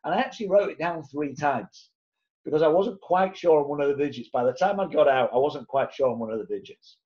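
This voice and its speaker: A man, telling an animated story to camera and acting out the other people's voices as he goes. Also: fairly high pitch, brisk, dull audio. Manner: lively, acts out the other voices in his tale. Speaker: property investor sharing his story.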